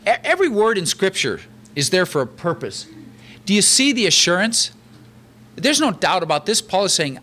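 A male pastor delivers a sermon with animated, conversational energy. His voice is slightly high and strikingly bright, with a ringing edge. He reads verses and breaks them down with everyday examples. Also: moderate pace.

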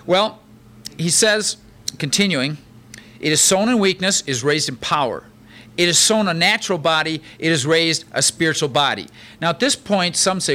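Animated, bright-voiced male preacher. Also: on the high side, normal speed. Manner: animated, conversational preaching with vivid examples. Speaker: pastor. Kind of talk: sermon.

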